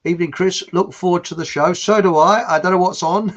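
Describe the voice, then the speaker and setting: A man's voice: high-pitched, brisk. A man hosting a live show, chatting casually and reading viewer comments aloud, rambling with loose restarts and chuckles. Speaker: livestream show host. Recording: dull lo-fi stream audio.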